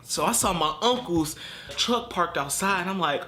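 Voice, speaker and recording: A young man tells a storytime vlog story in an animated, slangy, self-mocking way. His voice sits high and bright and swings widely. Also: normal speed, a little hiss or hum. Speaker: vlog host. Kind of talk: storytime narration.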